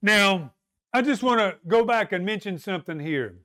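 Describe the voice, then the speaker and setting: A man preaching a sermon, slow and emphatic, asking rhetorical questions and leaning on dramatic pauses. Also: high-pitched, lively intonation, bright, forceful tone.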